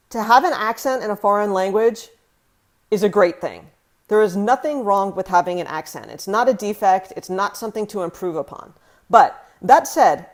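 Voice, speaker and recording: An American woman who hosts a vlog and teaches French pronunciation in a clear, emphatic way, sounding out sample words. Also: medium pitch. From United States. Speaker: language vlogger.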